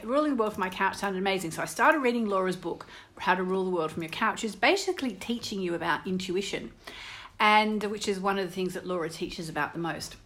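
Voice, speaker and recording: A woman with an Australian English accent hosts a radio show in a relaxed, casual way. She talks in an animated, chatty manner and tells stories. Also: mid-range voice. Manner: chatty, storytelling, laughs often, animated. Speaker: astrologer and radio show host.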